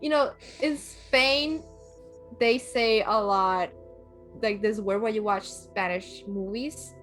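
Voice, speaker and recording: A woman from Puerto Rico, a guest in a casual chat, talking with animated energy and laughing often. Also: medium pitch, slow, faint music behind.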